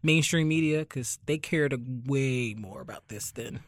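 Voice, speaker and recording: A man's voice: medium pitch, measured pace. A young man from Barbados hosting a podcast in casual chat, sardonic and rambling, leaning heavily on fillers. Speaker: podcast host.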